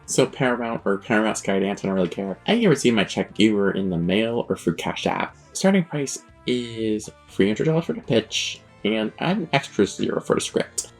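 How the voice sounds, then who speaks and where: A man's voice: fairly low pitch, lively intonation, moderate pace, gravelly, hardly any pauses, soft background music. A man YouTuber telling a comic story in a rambling way, with wry asides. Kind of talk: comedic storytelling commentary.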